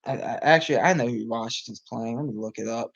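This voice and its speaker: This male host, mid-range and a little fast, has a gravelly voice, and the recording cuts off the highs. Chatting casually about a live game, he rambles with frequent restarts and lots of ums as he reacts. You can hear his voice giving out.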